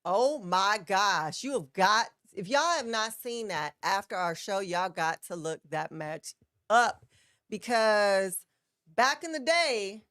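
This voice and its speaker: A woman's voice: mid-range voice, animated, a little slow, a bit bright, dry recording, clean studio sound. A woman co-hosting a casual wrestling chat show, talking in a chatty way and laughing often. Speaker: podcast co-host.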